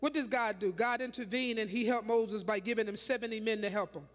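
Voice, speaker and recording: A woman bishop delivers a lively, dramatic sermon, throwing rhetorical questions at her congregation. Her voice sits high and sounds bright and sharp. It rings out with a long reverb through a large church hall. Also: fairly quick. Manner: animated, dramatic preaching with rhetorical questions and laughing asides. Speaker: bishop preaching.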